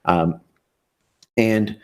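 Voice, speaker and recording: A man with a fairly low voice, speaking as a guest on a live-stream discussion. He talks in a halting way, often breaking off, restarting and filling his pauses with "uh". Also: fairly even intonation. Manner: halting, full of "uh" fillers and restarts.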